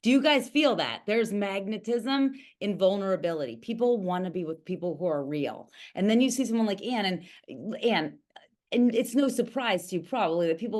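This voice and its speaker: A woman's voice: medium pitch, lively intonation, brisk, darkish tone. A woman leading a coaching team call over a video call, enthusiastic and effusive with praise.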